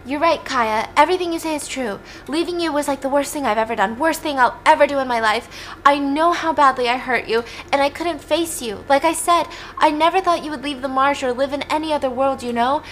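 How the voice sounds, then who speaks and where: A woman's voice: fairly high pitch, moderate pace, bright, forceful tone, a little hiss or hum. A woman retelling a film as a heartbroken young man begging forgiveness, earnest and apologetic. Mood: pleading.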